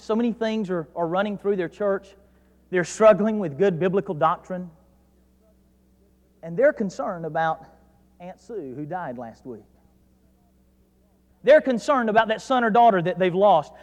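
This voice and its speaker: A man with a North Georgia accent preaching a sermon as pastor, dropping to quiet asides and then rising to loud, emphatic declarations. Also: high voice. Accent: North Georgia Southern US. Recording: preached in a reverberant hall.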